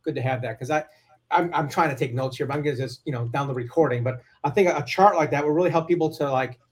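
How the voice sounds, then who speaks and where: A man hosting a podcast interview, asking questions and chiming in with short, encouraging replies. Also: a little high. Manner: encouraging, quick short affirmations. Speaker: podcast host. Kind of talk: casual interview chat.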